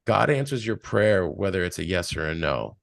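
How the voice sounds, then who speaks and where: A man's voice: low voice, sing-song, normal speed, gravelly, fairly bright tone, no room sound. A man talking casually and reflectively as a podcast guest, telling stories with quoted voices. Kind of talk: casual spiritual talk.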